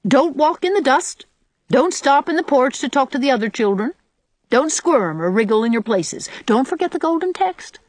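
A woman's voice: high voice, sing-song, normal speed, no room sound, voice pushed up. A woman voicing a bossy older village woman who scolds severely. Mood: scolding.

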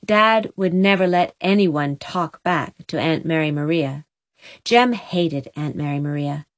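A woman narrating a storybook chapter in a steady, expressive reading. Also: deep voice, unhurried, dry recording. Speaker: audiobook narrator.

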